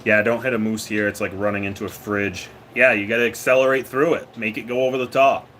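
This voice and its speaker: He talks fast in a fairly low, somewhat bright voice with fairly even intonation, and there's slight noise in the background. A livestream host from Maine, he keeps the chat with viewers casual, joking, laughing often and letting sentences trail off.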